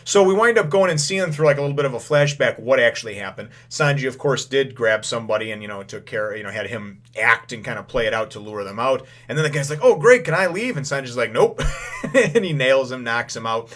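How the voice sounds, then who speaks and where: A man's voice: mid-range voice, a bit bright. Rambling man recapping a manga chapter. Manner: rambling, full of filler phrases; acts out lines in quick paraphrase. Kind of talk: casual first-impressions recap.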